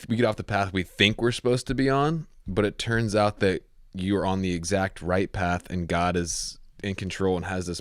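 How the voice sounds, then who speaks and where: A man hosting a podcast interview, relaxed and chatty, affirming his guest before asking a long question. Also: deep voice, clear, resonant tone, no echo, studio quality. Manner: relaxed, full of fillers, affirming. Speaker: podcast host. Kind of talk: casual interview.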